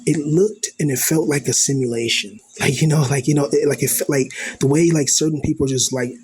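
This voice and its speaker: A man's voice: a little high, steady tone, brisk, darkish tone, slight background noise. A man in an earnest, introspective personal monologue, rambling and leaning on fillers like "you know" and "like".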